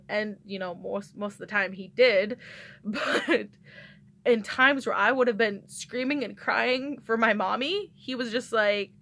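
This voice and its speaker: A woman's voice: a little high, a little slow, a bit bright. A young woman vlogging casually about books, chatty and rambling, often laughing and correcting herself mid-sentence. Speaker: book vlogger. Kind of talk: casual chat.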